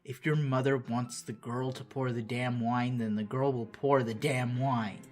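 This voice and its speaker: A man voicing a harsh, scornful older father in a video game, gruff and contemptuous. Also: medium pitch, steady tone, measured pace, darkish tone, faint music behind, close to an everyday voice.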